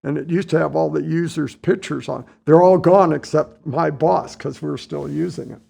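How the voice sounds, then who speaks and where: A man in his sixties from the United States, telling stories in a relaxed interview, acting out what people said. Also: fairly high pitch, normal speed, vocal fry. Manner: relaxed anecdotal storytelling, acts out dialogue. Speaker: podcast guest, retired Navy admiral. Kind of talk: casual storytelling interview.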